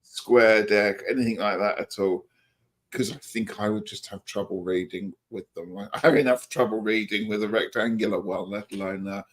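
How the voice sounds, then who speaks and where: A man's voice: fairly low pitch, steady tone, normal speed. A man co-hosting a live tarot show, talking with enthusiasm about the stories in the cards. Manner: enthusiastic, storytelling. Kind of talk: casual chat on a live stream.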